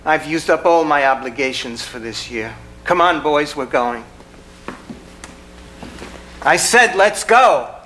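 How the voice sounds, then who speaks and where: Actor as a wounded grown son: earnest, pained, high and bright voice. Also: male voice, lively intonation, slow pace, pauses often, slight background noise, heavily acted, rough recording. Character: grown son, weary and wounded but resolute. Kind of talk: community theater stage acting. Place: theater stage.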